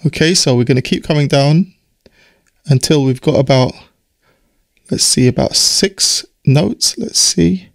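Man, croaky voice, relaxed step-by-step software tutor, dry close mic. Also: fairly high pitch, a little slow, pauses often, dry recording. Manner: explanatory, step-by-step, relaxed with fillers. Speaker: music production tutor. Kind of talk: screen-recorded software tutorial. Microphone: studio mic through audio interface.

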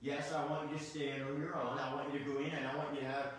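A middle-aged man preaches from a pulpit with an earnest manner, stopping often to ask his listeners questions. His voice sits a little high for a man. He is picked up from a distance in a very echoey church sanctuary, with a faint hiss behind him. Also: level tone, quick pace. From United States. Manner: earnest preaching with rhetorical questions and frequent restarts. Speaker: pastor. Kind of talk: sermon.

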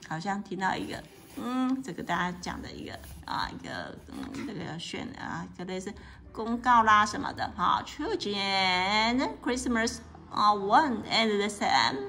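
A woman reading a picture book aloud to a child, explaining the pictures in a lively way, often laughing and asking questions. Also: mid-range voice, creaky, a little hiss or hum. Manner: lively, asks a child questions, mixes in English.

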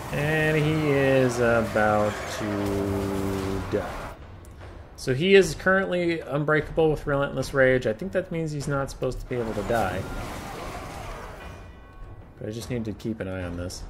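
Lively easygoing male game commentator. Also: medium pitch, moderate pace, over music. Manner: rambling, amused, easygoing.

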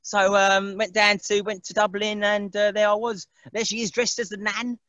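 Rambling, bright-voiced man. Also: high-pitched, little pitch movement, normal speed, no echo, muffled recording. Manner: rambling, laughs often, mimics voices. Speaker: interview guest. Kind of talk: casual chat.

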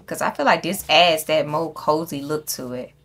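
A gaming channel host with a low-sitting voice and a moderate pace plays a casual game, with background noise in the recording. She chats directly to her viewers, cursing freely and talking to the game's animals.

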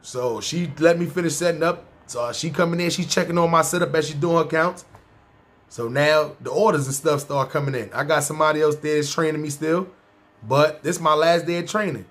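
This is a New man who narrates his own life to camera. He speaks in loose street slang and keeps checking in with "see what I'm saying." His voice sits a bit higher than most men's. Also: steady tone, a little fast, a bit bright. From New York. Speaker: YouTube storyteller. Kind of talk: casual personal storytelling.

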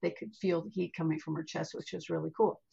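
An older American woman with a husky, breathy, fairly low voice tells a personal story as a podcast guest. She is chatty and animated, dropping in a casual "honey." The recording sounds a little dull and lo-fi. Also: quick pace. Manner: chatty, calls the listener honey; animated, vivid retelling with acted asides. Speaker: podcast guest, spiritual healer.

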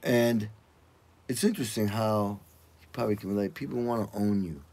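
An older man, a drummer, telling animated stories in a casual interview and acting out what people said. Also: fairly quick. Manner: animated, acts out quotes in loud high voices.

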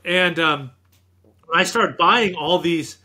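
A man as a guest author in an interview, telling anecdotes in a lively, self-deprecating way. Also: fairly high pitch, slow, slightly rough. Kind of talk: storytelling in an interview.

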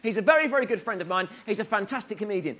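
A man's voice: sits high, animated, very fast, a bit bright. A man hosting a comedy night, introducing the next act to a live audience with upbeat, chatty patter. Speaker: host.

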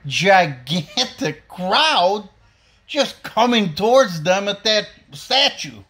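A man's voice: high-pitched, very animated, slow pace, sharp tone, husky. A man delivering a blunt, profane, heated opinion rant as a podcast host.

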